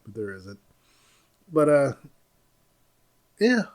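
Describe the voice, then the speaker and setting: A man hosting a podcast, talking through his opinions in a loose, rambling solo monologue, and popping into a louder, higher voice when he quotes people. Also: sing-song, very slow. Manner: rambling, opinionated, mimics others in raised voice. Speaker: podcast host. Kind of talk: casual monologue.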